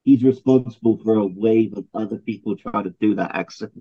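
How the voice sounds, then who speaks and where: A man's voice: on the low side, a little fast, breathy edge, highs cut off. A man in his thirties, a podcast co-host in casual chat who laughs often and teases the others. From United Kingdom. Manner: chatty, laughs often, teasing.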